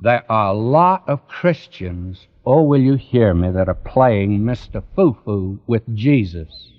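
A man preaching a sermon in a slow, emphatic cadence that rises and falls, directly addressing his listeners. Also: on the low side, expressive. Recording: dull lo-fi recording.

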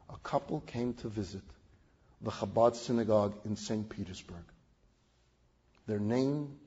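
A man telling stories in a sermon, building dramatically to loud peaks and then dropping to a hushed, low delivery, in a slightly muffled recording. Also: slightly rough. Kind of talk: sermon storytelling.

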